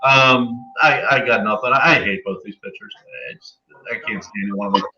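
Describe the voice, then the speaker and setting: A man's voice: mid-range voice, normal speed, sharp tone. A man hosting a casual sports betting podcast, reading off odds and picks with many fillers and restarts. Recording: dull lo-fi podcast audio.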